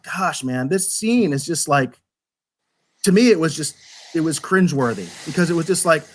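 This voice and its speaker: A man talking casually as co-host of a live review show, animated and rambling, often restarting his sentences. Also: on the high side, normal speed. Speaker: podcast co-host.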